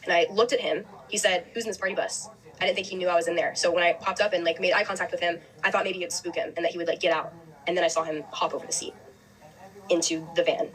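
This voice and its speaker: A young woman hosting a podcast, telling a personal story quickly with lots of "like" and restarts. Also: lowish voice, fairly even intonation, rough recording. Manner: fast, heavy use of "like", restarts. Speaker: host.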